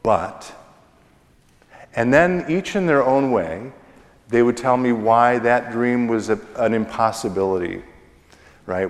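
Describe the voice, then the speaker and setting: Slow-preaching pastor in a reverberant church. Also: male voice, mid-range voice, lively intonation. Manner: slow, deliberate preaching with pauses and falling endings. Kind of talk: sermon. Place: church sanctuary.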